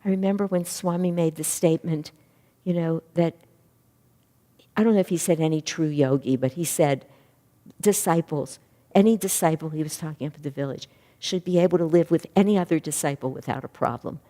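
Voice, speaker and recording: A middle-aged woman giving a spiritual class talk as a minister and teacher. She speaks in an earnest, reflective way and grows lively when she retells stories. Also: low-pitched, a little fast. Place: class room or hall. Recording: long reverb of a hall.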